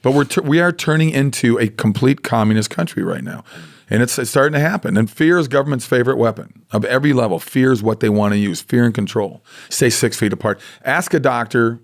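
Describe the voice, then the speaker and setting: An American man in his sixties, a guest in casual chat, telling animated stories and acting out the voices of people he quotes. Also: mid-range voice, a little fast. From United States.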